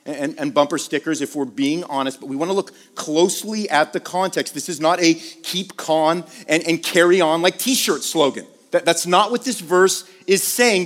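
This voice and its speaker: A man's voice: high-pitched, moderate pace, in a large hall. A man preaching a conversational sermon, moving from casual asides to emphatic questions. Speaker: pastor.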